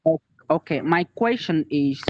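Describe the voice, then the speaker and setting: A man from the audience puts his question hesitantly and says the same words twice before he gets going. His voice is fairly high. The audio is dull and lo-fi. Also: lively intonation, unhurried, background noise. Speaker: audience member asking a question.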